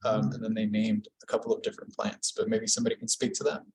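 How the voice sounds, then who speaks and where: A man's voice: fairly low pitch, monotone, fast, darkish tone, poor audio. A man moderating a lecture Q&A, reading out audience questions in a casual, filler-heavy way.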